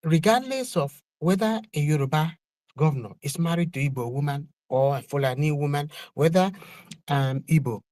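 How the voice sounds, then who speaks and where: A man making a measured, slightly hesitant point in a live online discussion. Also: fairly high pitch, darkish tone, dry recording. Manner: measured, hesitant, with fillers and questions. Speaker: participant in an online audio discussion.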